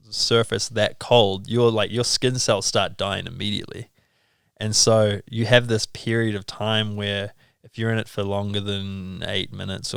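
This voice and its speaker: Kiwi guy, pro-skier guest, chill storyteller, smooth low voice, dry sound. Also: a bit bright, dry recording. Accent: New Zealand. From New Zealand. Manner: laid-back, filler-heavy, lots of "like" and "bro". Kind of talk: casual podcast storytelling.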